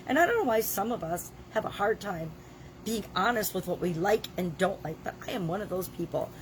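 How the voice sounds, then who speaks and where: A woman's voice: medium pitch, lively intonation, fairly quick. A woman in her sixties, talking casually in a daily video diary while she has a cold and a scratchy throat, chatty and emphatic with the odd cough. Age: 60s. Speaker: vlogger.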